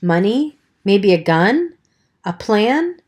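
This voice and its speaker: A woman's voice: mid-range voice, big pitch swings, slow pace, darkish tone. A woman voicing a frightened teenage boy who speaks in a panicky, pleading way, in an audiobook.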